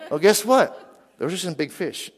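A man from western Pennsylvania preaching a sermon, lively, and he keeps asking the crowd questions. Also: high-pitched, normal speed, slightly rough. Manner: animated, asks the crowd questions. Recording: long hall reverb.

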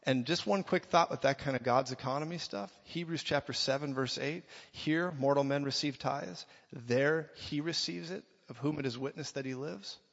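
Male preacher, fairly high voice, animated sermon delivery, muffled sound with a long hall echo. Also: normal speed, vocal fry, hardly any pauses. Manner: animated, swings from quiet to shouting.

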